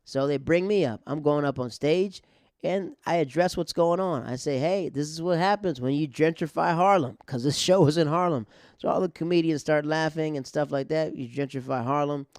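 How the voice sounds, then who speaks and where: Male comedian, casual storytelling, rambling, smooth voice, dry close sound. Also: on the high side, normal speed, a little mellow, dry recording. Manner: rambling, conversational, with many restarts and fillers. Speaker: comedian and podcast host.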